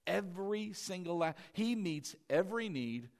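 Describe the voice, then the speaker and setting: A man's voice: high-pitched, lively intonation, normal speed, creaky. A male pastor preaching a sermon, leading the congregation to repeat a prayer and answer back. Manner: leads congregation in call-and-response prayer. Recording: long church hall reverb.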